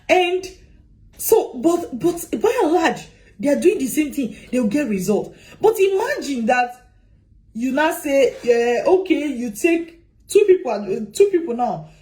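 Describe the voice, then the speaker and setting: A woman giving advice as a migration consultant, animated and repeating her points with rhetorical questions. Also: fairly high pitch, rough recording. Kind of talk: advice talk to camera.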